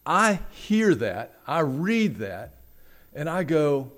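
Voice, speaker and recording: A man preaching a sermon, telling a story with dramatic swings from loud, raised passages to hushed ones and acting out the voices in it. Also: on the high side, big pitch swings, slow pace. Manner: acts out the quoted voices in the story. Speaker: pastor.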